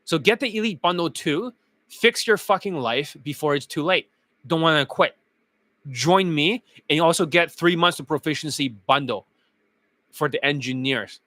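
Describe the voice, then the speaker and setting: A dating coach streaming live, lecturing bluntly and with heavy profanity, his voice getting hoarse. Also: on the high side, bright, forceful tone, dry recording. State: losing his voice. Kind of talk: livestream rant.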